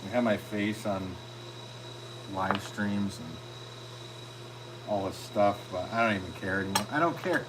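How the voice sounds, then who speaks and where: A man's voice: lowish voice, little pitch movement, measured pace, long pauses. Easygoing middle-aged guy, noisy background. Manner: easygoing, rambling, jokey with frequent ums and restarts. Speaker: potter and live-stream host. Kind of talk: casual live-stream chat with viewers. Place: pottery studio.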